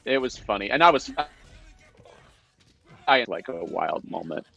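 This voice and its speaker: A man's voice: fairly low pitch, measured pace, gravelly, dry recording, highs cut off. A man, a guest actor on a live video call, telling behind-the-scenes stories in a casual chat with playful mock indignation. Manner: animated storyteller, mock-indignant self-defense. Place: home, indoors.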